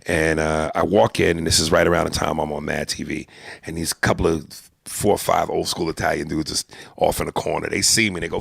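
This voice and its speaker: A man hosting a podcast, riffing in a casual, animated, profane comedic chat. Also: very deep voice, brisk, gravelly, breathy edge, no room sound, clean studio sound.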